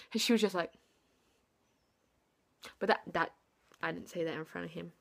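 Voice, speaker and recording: Excitable rambling young woman vlogging. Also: fairly low pitch, fast talker, creaky. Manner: excitable, rambling, self-mocking, many fillers. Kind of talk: casual storytelling vlog.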